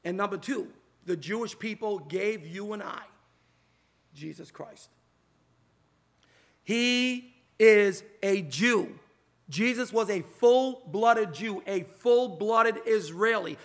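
High bright guy preaching at a pulpit mic, slow emphatic punchy delivery. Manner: emphatic, drawn-out preaching delivery with scripture quotes. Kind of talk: sermon. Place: church sanctuary, at a pulpit.

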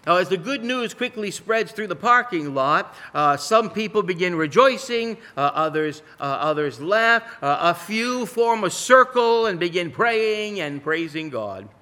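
A man preaching a sermon in a dramatic storytelling way, swinging from loud pleas to hushed lows. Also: animated, unhurried, few pauses. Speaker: pastor.

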